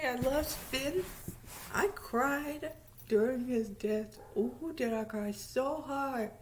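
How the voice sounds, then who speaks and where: Woman vlogger, high voice, casual and animated, emphatic repeats, occasional whispers. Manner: drops to a whisper at times. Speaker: vlogger reviewing a TV series. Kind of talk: casual chat.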